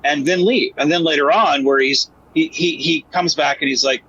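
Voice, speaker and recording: A man co-hosting a podcast in casual chat, animated and acting out characters' lines in a raised voice. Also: on the high side, moderate pace, lo-fi sound, a little hiss or hum. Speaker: podcast co-host.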